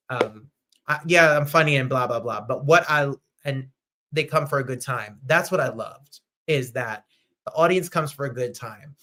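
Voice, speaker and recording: A man hosting a live online show, chatting casually and animatedly, with sudden jumps to loud, high outbursts. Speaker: host. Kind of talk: casual livestream chat.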